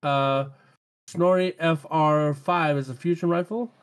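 A man's voice: on the high side, steady tone, a little slow, clean tone. Easygoing man chatting about games. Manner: easygoing, laughs often, stumbles over names. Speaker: podcast host. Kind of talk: casual gaming podcast chat.

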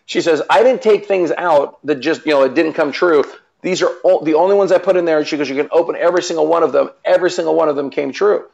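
Gravelly earnest man telling a story. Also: fairly high pitch, fast talker, lo-fi sound. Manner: earnest, animated storyteller with many restarts. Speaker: guest. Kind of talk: casual storytelling on a live show.

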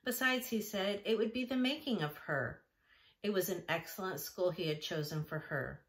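A woman reading a classic children's novel aloud in a gentle, even narration. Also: medium pitch, normal speed. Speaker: audiobook reader. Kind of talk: storybook narration.

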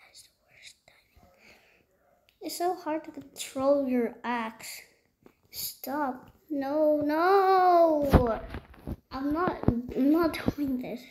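A woman giving casual gameplay commentary, excitable and easily frustrated, swinging between loud outbursts and whispers. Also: high voice, a little hiss or hum. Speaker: gaming video creator.

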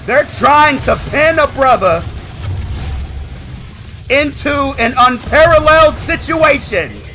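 A man giving excited gameplay commentary as a gaming channel host, with loud, animated exclamations. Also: extremely high pitch, takes it slowly, faint music behind.

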